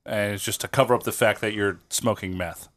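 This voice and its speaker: A man's voice: on the low side, fairly even intonation, a little fast, fairly bright tone, slight background noise. A man co-hosting a comedy podcast, riffing crude jokes in casual chat. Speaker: podcast co-host.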